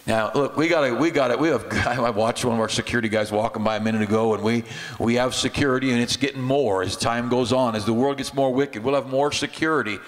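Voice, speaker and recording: A middle-aged man, a pastor, preaching a sermon in a church, shifting between loud exclamations and quiet asides. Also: medium pitch, fast. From United States. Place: church sanctuary. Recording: church hall reverb.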